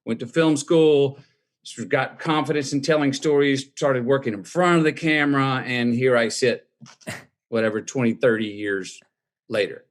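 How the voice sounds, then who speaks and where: A man in his fifties with a drawl, telling a relaxed personal story in an interview. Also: medium pitch, moderate pace. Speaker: guest.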